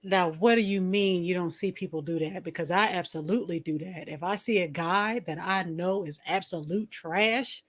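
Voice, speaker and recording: A woman's voice: lowish voice, moderate pace, few pauses. A woman co-hosting a podcast, speaking in a blunt, emphatic and dismissive casual chat. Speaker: podcast co-host.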